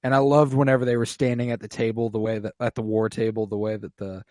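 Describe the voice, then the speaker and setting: A man's voice: lowish voice, flat delivery, fast talker, a little mellow, no echo. A man co-hosting a podcast who retells scenes in loose, profane casual chat. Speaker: podcast co-host.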